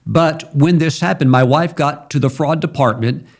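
A man's voice: on the high side, normal speed, vocal fry. Man preaching a storytelling sermon. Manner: conversational storytelling with sudden emphatic jumps. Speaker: pastor.

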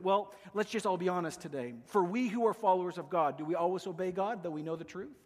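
A man preaching a sermon as pastor, emphatic, with hushed lines between loud declarations. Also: high voice, animated, fairly quick, few pauses, in a large hall.

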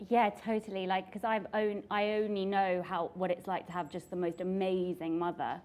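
A young woman, an author and actress, chatting casually with her sibling and telling stories with lively laughter. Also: medium pitch, normal speed. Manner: animated storytelling with frequent laughter.

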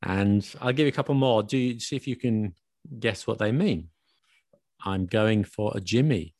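A man's voice: lowish voice, moderate pace, a little mellow, no echo. A man hosting a casual lesson, explaining slang with worked examples and chuckling now and then.

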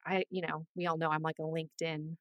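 A woman career coach chatting as an interview guest, animated and full of quick asides. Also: low voice, no room sound. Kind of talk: casual interview chat.

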